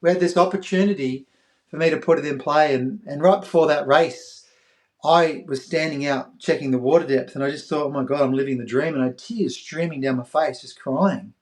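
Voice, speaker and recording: A middle-aged Australian man in an interview, telling a story with open emotion. His voice sits somewhat high for a man, and he jumps into other people's voices, then falls nearly to a hush at tender moments. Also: moderate pace. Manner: animated, acts out voices of others, drops to near-whispers at tender moments. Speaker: podcast guest, former athlete.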